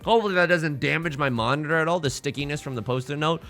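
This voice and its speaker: A young man giving casual gameplay commentary as a let's play host, swinging between fretting mutters and excited outbursts. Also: fairly high pitch, fast, few pauses, faint music behind.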